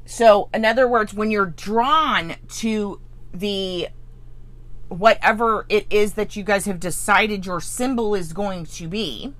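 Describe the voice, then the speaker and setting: A woman's voice: mid-range voice, slow, a bit bright. Earnest woman giving spiritual coaching. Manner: earnest, tags lines with "right?" and "okay?"; acts out listeners' inner voice. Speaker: spiritual teacher.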